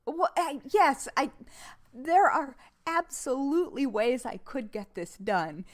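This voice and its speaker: Joking, high-voiced woman podcast co-host. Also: animated, takes it slowly. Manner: rambling, self-deprecating, joking. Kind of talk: casual chat.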